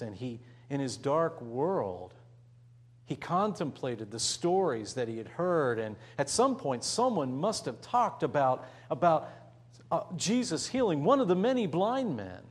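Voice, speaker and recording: A man preaching with a lively, swooping delivery, acting out the voices in the story he tells. His voice sits a little high for a man, and he shifts from loud calls down to hushed, almost whispered words. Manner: dramatic, acts out voices, drops to near whisper. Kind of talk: sermon storytelling.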